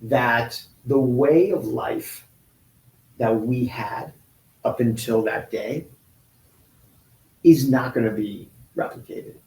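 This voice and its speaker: A man in his forties telling a painful personal story in an interview, halting and restarting often. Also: medium pitch, darkish tone. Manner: halting, with many restarts and pauses. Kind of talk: emotional personal account in an interview. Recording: roomy echo.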